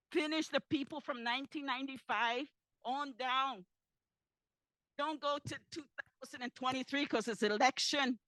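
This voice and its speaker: Tearful woman, high, impassioned. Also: pushed and bright, no room sound, low-quality recording. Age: 50s. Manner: impassioned, pleading, repeats herself. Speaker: community member at a public forum. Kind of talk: public comment. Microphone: handheld microphone.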